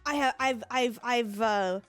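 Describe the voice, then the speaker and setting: A pushy, boastful rich lady, voiced by a woman as a mocking impression, pitched well below her normal voice. The rich woman comes across as brash and a bit unhinged. The sound is dry and close. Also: a little slow, fairly bright tone, clean tone, no echo, faint music behind.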